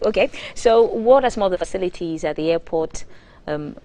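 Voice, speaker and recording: Lively TV presenter woman. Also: lowish voice, moderate pace. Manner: lively, prompting questions with echoing repeats. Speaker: breakfast show presenter. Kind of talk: live TV breakfast show interview. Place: TV studio.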